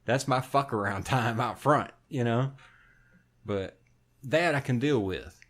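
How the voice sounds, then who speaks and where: A man's voice: mid-range voice, a little slow. A man co-hosting a podcast, telling blunt, profane stories in casual chat. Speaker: podcast co-host.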